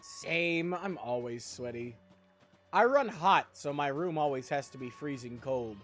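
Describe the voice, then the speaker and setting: High, lively young streamer guy. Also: unhurried, soft background music. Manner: rambling, chatty, jokey asides. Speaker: live streamer. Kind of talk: casual chat while gaming.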